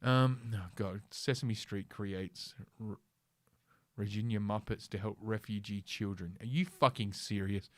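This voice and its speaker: A male host runs a casual ranting commentary stream from his computer, speaking in an unhurried, lowish voice with no room sound. He reads news aloud, adding sarcastic, profane asides and plenty of fillers.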